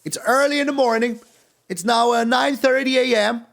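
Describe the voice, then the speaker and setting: A young man giving casual gameplay commentary, playful and taunting, swinging between excited high bursts and low mutters. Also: moderate pace, vocal fry. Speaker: game streamer.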